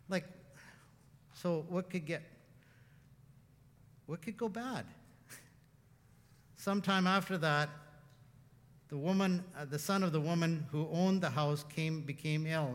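A man preaching as a pastor. He shifts from hushed, tender passages to loud, impassioned ones, and he often laughs. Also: fairly high pitch, in a large hall. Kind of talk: sermon.

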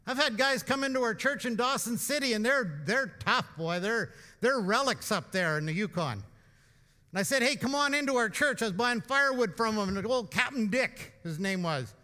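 A male pastor with a very high, bright voice, preaching a sermon in a casual, emphatic way. He leans on asides and rhetorical questions to keep it conversational. The sound carries the long reverb of a church hall. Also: expressive, normal speed.

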